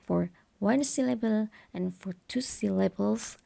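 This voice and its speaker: A woman teaching English pronunciation and grammar, explaining a textbook lesson slowly and stressing the example words. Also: medium pitch, gravelly, mellow, husky.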